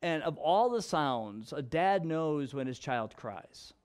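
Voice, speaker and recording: Man, pastor, fairly high voice, sermon with personal stories, conversational, emphatic and hushed. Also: slow pace. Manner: expressive, swings between emphatic and hushed; conversational with restarts and fillers.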